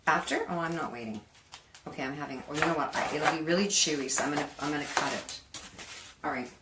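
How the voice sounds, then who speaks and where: A woman hosts a live cooking stream in her kitchen, talking in a rambling, chatty way with frequent laughter. Her voice sits on the low side. She is picked up by a distant mic in an echoey kitchen with clear background noise. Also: fast talker. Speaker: cooking show host. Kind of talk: casual live-stream chat. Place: home kitchen. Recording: roomy kitchen, mic far off, noisy.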